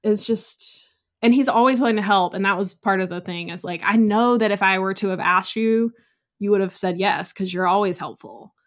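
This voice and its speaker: A woman's voice: medium pitch, moderate pace. A young woman on a podcast, chatting casually and telling stories with lots of "like" and "you know". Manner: chatty, storytelling, many likes and you knows. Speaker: podcast guest. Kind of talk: casual chat.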